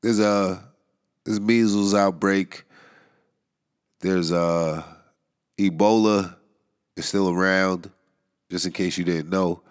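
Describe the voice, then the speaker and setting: This is a man with a very low, stuffed-up voice, nasal from a head cold. He hosts his own show in a loose, rambling monologue, wry and quick to chuckle between thoughts. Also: fairly even intonation, clean tone. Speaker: podcast host. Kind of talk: casual monologue. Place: New York area.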